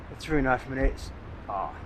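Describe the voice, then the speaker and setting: A man's voice: medium pitch, fairly quick. Guy about sixty, rambling photography vlog on a cliff, lots of uhs, outdoor noise in the background. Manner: rambling, thinking aloud with many "uh"s. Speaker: landscape photographer vlogger. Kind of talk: casual talk to camera while shooting. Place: outdoors on a coastal cliff at sunset. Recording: outdoor noise clearly heard behind.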